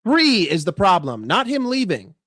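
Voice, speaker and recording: A man's voice: high-pitched, huge pitch swings, normal speed, a bit bright, no room sound, studio quality. A man with a New York accent, ranting sarcastically and with lots of swearing in a fan commentary video. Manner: sarcastic, profane, heated. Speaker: football fan vlogger.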